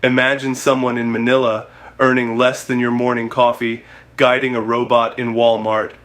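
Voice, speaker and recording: A man's voice: medium pitch, flat delivery, normal speed, a bit bright. A man hosting a show, delivering scripted comedic narration with punchy, wisecracking jokes. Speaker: host.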